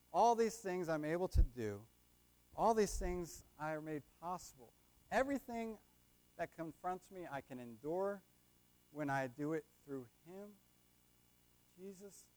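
A young man giving a sermon, often checking in with the congregation by asking "right?" and leading them in call and response. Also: a little high. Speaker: lay preacher.

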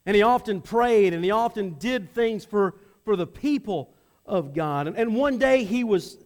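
A man with a high-pitched voice delivers a sermon to a congregation. He talks conversationally and often repeats words as he restarts a phrase. He slips into acted-out voices for the people in the story. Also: animated, moderate pace, a little mellow. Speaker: preacher.

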